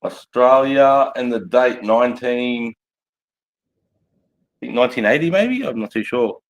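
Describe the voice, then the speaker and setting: A man's voice: mid-range voice, animated, slow pace, no echo, lo-fi sound. A man chatting casually on a live stream, crude and full of swearing. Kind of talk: casual chat.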